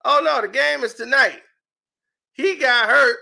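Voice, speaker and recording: A man rants through casual sports commentary in a mocking, animated way, laughing often. His voice sits very high, with a gravelly rasp and a bright, sharp edge. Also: a little slow, pauses often.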